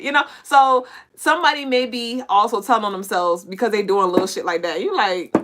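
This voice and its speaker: A woman's voice: mid-range voice, brisk, few pauses, a bit bright, slight background noise. A woman hosting a casual collective intuitive reading, talking bluntly and animatedly to listeners, with plenty of cursing and laughter. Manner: addresses listeners directly as y'all and collective. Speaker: spiritual reader and podcast host.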